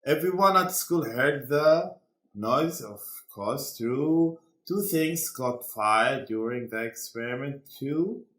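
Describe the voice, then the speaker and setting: Male teacher, slow and deliberate, bright voice, echoey room. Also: medium pitch. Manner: slow, deliberate, quizzing students. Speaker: English teacher. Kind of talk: classroom lesson.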